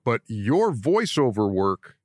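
A man's voice: medium pitch, sing-song, slow pace, no room sound. A man hosting a casual podcast, asking questions in a teasing, good-humored way. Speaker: podcast host.

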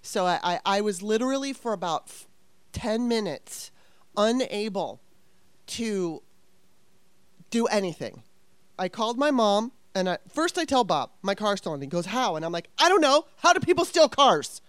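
A woman's voice: medium pitch, expressive, normal speed, no room sound. A woman in her fifties telling a story casually, rambling and swearing with exasperation.

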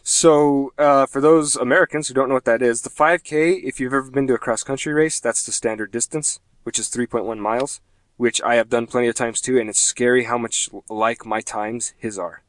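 A man's voice: mid-range voice, fairly even intonation, brisk, no echo. A man in his late twenties hosting a casual gaming podcast, rambling and self-deprecating, laughing often. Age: 20s. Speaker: podcast host.

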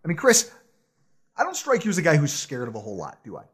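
A man co-hosting a podcast, telling a self-deprecating story in a casual, animated way with frequent laughs. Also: on the high side, fast talker, breathy edge. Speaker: podcast co-host.

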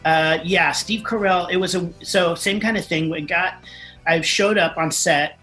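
A man telling a story in casual conversation, animated and acting out the quotes as he goes. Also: high-pitched, unhurried, soft background music. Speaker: guest.

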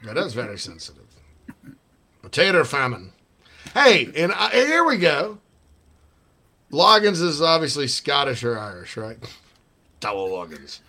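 A man's voice: fairly high pitch, huge pitch swings, unhurried, long pauses, bright, forceful tone. A man hosting sports radio, rambling and joking in casual banter with bursts of laughter.

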